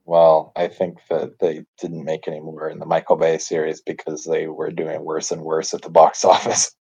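A man in a casual movie discussion, chatting in a relaxed way and adding bits of trivia. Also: extremely low pitch, normal speed, creaky, breathy edge, dull audio.

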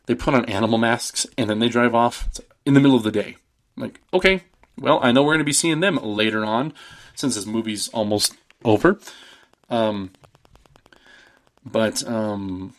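A man in his thirties casually recapping a film on a podcast, rambling and swearing, acting out the characters' lines. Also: fairly low pitch. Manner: rambling, swearing, acts out quotes with laughs. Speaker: podcast host.

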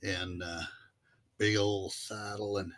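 A man's voice: on the low side, level tone, slow, fairly bright tone. A man who teaches mule-riding clinics, talking casually as an interview guest and telling stories with many fillers. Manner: drawling storyteller with fillers.

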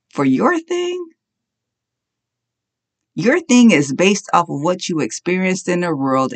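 A preacher delivering an impassioned sermon of repeated short commands that climbs at times into shouting. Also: mid-range voice, creaky. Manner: impassioned exhortation, rising to shouts.

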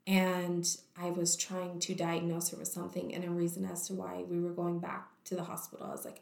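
A woman's voice: on the low side, monotone, fairly quick, creaky, hardly any pauses, darkish tone. A woman telling her own story in conversation, candidly, with many "like" fillers. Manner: candid, heavy use of "like" fillers. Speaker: guest sharing her story. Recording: echoey room.

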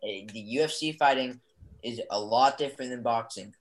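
A man's voice: medium pitch, moderate pace, a crowd in the background. A teenage boy talking as a podcast guest, arguing his points insistently among friends. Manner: argumentative, insistent. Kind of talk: casual chat with friends.

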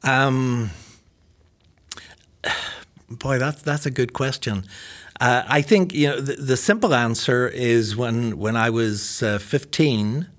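A man's voice: mid-range voice, takes it slowly, pauses often, a bit bright. An older man from Northern Ireland, his accent blended with American, chatting easily as an interview guest and laughing at his own jokes. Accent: Northern Irish mixed with American. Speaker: pastor and guest. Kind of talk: casual interview conversation.

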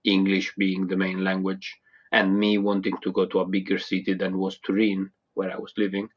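A man's voice: low-pitched, completely flat delivery, normal speed, slightly rough. A man in his thirties from near Naples with an Italian accent, chatting casually as an interview guest, hesitant with many fillers and restarts. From Italy, small town near Naples. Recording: dull lo-fi sound.

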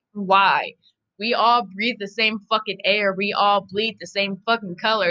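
A woman's voice: medium pitch, bright, forceful tone, muffled recording. A woman hosting a podcast, talking in a casual, profane, emphatic and rambling monologue. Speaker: podcast host.

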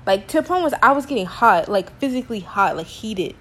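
Young woman ranting to her phone, fed up, slangy, kinda high voice, says like a lot. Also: very animated, brisk, fairly bright tone. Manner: exasperated, slangy, rambling with many "like" fillers. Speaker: teacher. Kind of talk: casual storytime rant to camera.

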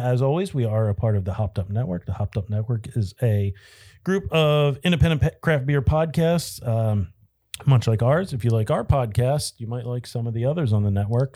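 A man co-hosting a beer podcast in a loose, joking way. He rambles with plenty of ums and uhs and keeps a relaxed, chatty manner. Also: medium pitch. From southeastern Pennsylvania. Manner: joking, laid-back, lots of fillers. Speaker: podcast co-host. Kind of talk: casual chat.

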